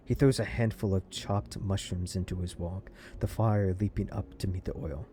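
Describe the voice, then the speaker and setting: Excitable man reading a narrative game aloud. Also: sits low, normal speed, few pauses, a little hiss or hum. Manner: excitable, laughs often. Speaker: let's play gamer.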